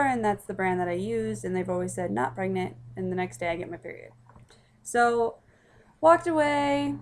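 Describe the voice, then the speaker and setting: A woman's voice: mid-range voice, darkish tone. Young woman chatting in a rambling way. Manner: chatty, rambling, with many fillers and restarts. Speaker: vlogger telling a personal story. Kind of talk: casual storytelling to camera.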